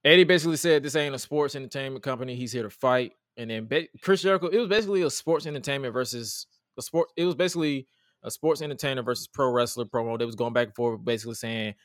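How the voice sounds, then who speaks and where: A man's voice: medium pitch, fast talker, no room sound, clean studio sound. A man co-hosting a wrestling podcast, talking casually and animatedly, swearing and acting out quotes. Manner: animated, profane, acts out quotes. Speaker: podcast co-host.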